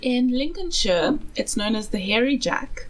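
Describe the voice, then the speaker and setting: A woman's voice: fairly high pitch, very animated, unhurried, low-quality recording. A young woman from South Africa co-hosting a podcast in casual chat, giggly and self-deprecating. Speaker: podcast co-host.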